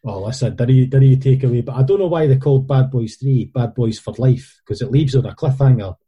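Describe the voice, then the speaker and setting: A man's voice: mid-range voice, fast talker, husky, lo-fi sound. A Scottish man telling rambling stories in casual chat, with frequent restarts.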